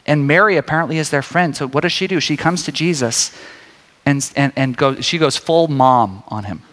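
A man preaching a sermon in a relaxed, conversational way, with joking asides to the congregation. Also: fairly high pitch, moderate pace. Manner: conversational, animated, jokey asides. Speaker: pastor. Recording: long hall reverb.

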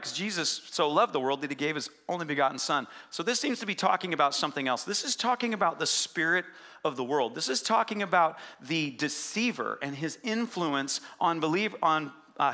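A man preaching a sermon as pastor, swinging between loud urgent passages and quiet, low emphasis. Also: expressive, moderate pace.

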